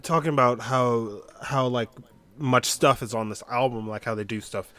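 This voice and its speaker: A man's voice: mid-range voice, steady tone, normal speed, pushed and bright. A man co-hosting a music podcast, chatting casually and rambling through many fillers and restarts. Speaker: podcast co-host. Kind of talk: casual chat about music.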